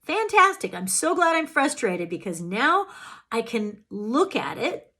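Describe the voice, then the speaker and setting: A woman coaching on emotional healing in an earnest self-help talk. She speaks to the listener directly and jumps up in pitch when acting out her own feelings. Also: very animated, a little slow, bright, forceful tone, breathy edge.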